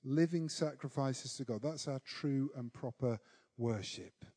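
A man's voice: medium pitch, unhurried, a little mellow, husky, no room sound. A man preaching a sermon, telling a self-deprecating personal story with humour before turning to worship.

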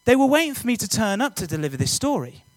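A young man giving a lively, joking personal testimony talk to students, often quizzing the audience. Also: sits high, quick pace, no echo. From England. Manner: energetic, jokey, audience-engaging. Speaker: youth speaker.

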